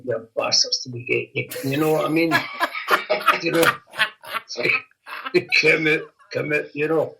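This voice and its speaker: A man's voice: a little high, creaky, bright, forceful tone, low-quality recording. A Scottish man calling in to a chat show, boisterous and sweary, often laughing as he tells his story. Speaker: caller. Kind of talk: casual phone-in chat.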